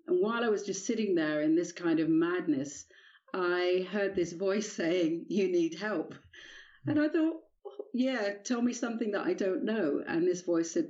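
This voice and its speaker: A middle-aged woman with a British English accent, hesitantly sharing her personal testimony as an interview guest, with many pauses and ums. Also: fairly low pitch, warm tone, muffled recording. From England. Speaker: guest author.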